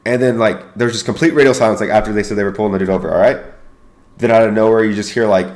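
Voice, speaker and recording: Young guy, quick and profane, storytelling with a bro-heavy delivery. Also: on the low side. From United States. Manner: profane, slangy, excitable, keeps saying bro. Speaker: YouTuber and Air Force veteran. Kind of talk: casual storytelling.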